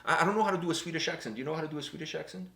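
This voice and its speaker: A man's voice: fairly high pitch, racing, gravelly, sharp tone. A man hosting a music reaction video in casual, self-mocking chat, often stammering and restarting. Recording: echoey room.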